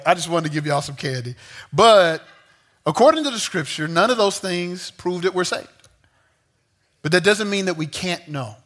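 Bright, lively young-sounding male preacher. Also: on the high side. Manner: lively, joking asides to the audience. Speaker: youth pastor. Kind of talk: sermon with storytelling.

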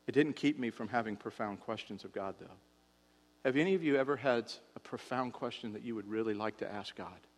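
A man preaching a sermon as a pastor, impassioned, his voice swelling and then dropping low for emphasis. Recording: long hall reverb.

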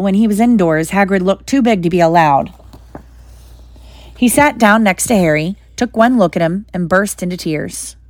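Lady reading a chapter book aloud, steady, dead dry mic. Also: mid-range voice, no echo. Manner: steady storytelling with voices. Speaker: reader.

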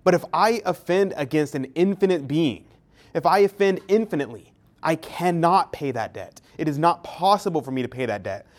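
A man's voice: on the high side, expressive, moderate pace. A man giving an earnest, emphatic Catholic teaching talk with a story. He often restarts and repeats words. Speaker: Catholic speaker.

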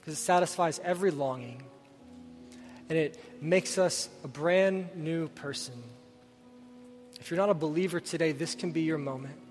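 A man's voice: on the high side, normal speed, long pauses. Earnest preacher man in a reverberant hall. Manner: earnest, asks the listeners direct questions. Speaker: pastor. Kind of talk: sermon with storytelling and prayer. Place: church sanctuary. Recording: reverberant hall with faint music.

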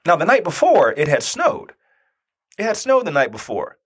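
Husky man in his forties telling a story. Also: a little high, moderate pace. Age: 40s. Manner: conversational, animated, often checks in with "right?". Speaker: speaker and youth basketball coach. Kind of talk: personal storytelling talk.

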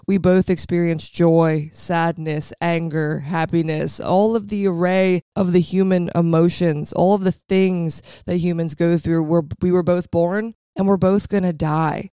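Raspy valley-girl woman, dry close mic. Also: fairly low pitch, warm tone, no room sound. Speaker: podcast host. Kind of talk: casual reflective monologue.

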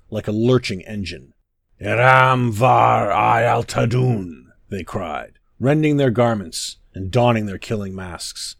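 A man's voice: medium pitch, darkish tone, no echo, clean studio sound. A man giving a solemn, declamatory scripted reading of an old sermon. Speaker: narrator.

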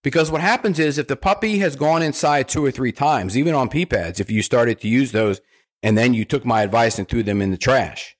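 A man's voice: medium pitch, a little fast. A man, a dog trainer, explaining house training in plain, repetitive steps, lifting his voice when acting out praise. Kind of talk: instructional talk.

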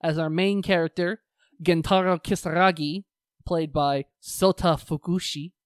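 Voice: mid-range voice, measured pace, clear, resonant tone, no echo, studio quality. Foul-mouthed podcast co-host ranting. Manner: profane, animated ranting. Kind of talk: casual podcast chat.

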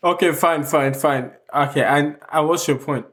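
A man's voice: on the high side, moderate pace, a bit bright. Teasing man in casual chat. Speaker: podcast co-host.

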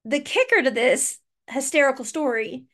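High-voiced woman telling a family story. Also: normal speed. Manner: animated, laughing, teasing storyteller. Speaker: podcast co-host, mother. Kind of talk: casual storytelling chat.

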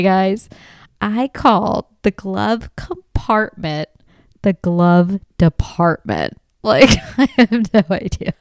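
A woman's voice: medium pitch, vocal fry, a little mellow, no room sound, clean studio sound. A middle-aged woman hosting a comedy podcast, telling a story in a casual way and laughing often as she talks. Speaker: podcast host.

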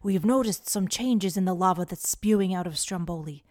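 A woman's voice: fairly low pitch, moderate pace, a little mellow, no room sound, clean studio sound, close to an everyday voice. Woman doing a grave male scientist. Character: serious adult male volcanologist.

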